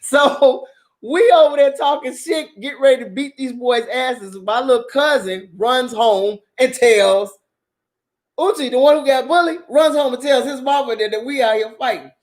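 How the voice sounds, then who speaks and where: A woman, casually telling a story to her channel, profane and animated and often laughing. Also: sits high, normal speed. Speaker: channel host.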